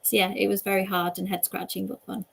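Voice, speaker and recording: A woman's voice: medium pitch, little pitch movement, quick pace, vocal fry, fairly bright tone, slightly rough. A woman hosting a casual chat over a video call. She talks in a chatty, rambling way. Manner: chatty and rambling, with frequent laughs. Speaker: host, author.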